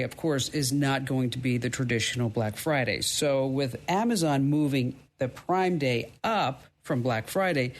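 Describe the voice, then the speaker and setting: A woman hosting a podcast interview who talks in a chatty way, with storytelling asides. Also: a bass voice. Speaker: podcast host.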